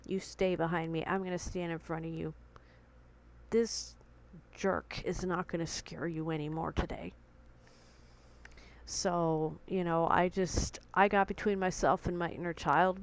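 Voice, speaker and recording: In a poorly recorded home vlog, a young woman with a fairly low-pitched voice earnestly recounts a tense confrontation. She remains shaken, heart pounding, and quotes the dialogue in an emotional piece of personal storytelling.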